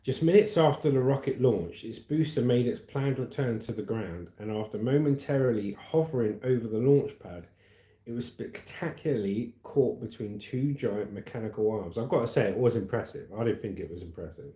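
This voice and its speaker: A man's voice: mid-range voice, moderate pace, dark tone. A man in his forties hosting a casual livestream, reading out viewer comments and news with frequent laughs. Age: 40s. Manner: chatty, laughs often, reads comments aloud. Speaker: livestream host. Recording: echoey room.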